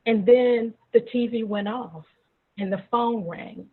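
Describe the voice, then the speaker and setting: A woman telling a personal story slowly and dramatically on a video call. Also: on the high side. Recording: tinny phone-like audio.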